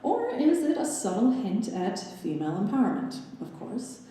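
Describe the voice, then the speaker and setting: With wildly swooping pitch and a dark tone, this young adult woman speaks at a moderate pace in a medium-pitched voice. She's presenting a graduate lecture recital with slide analysis, slipping wry, playful asides into the scholarly talk, and the recital hall adds roomy reverb.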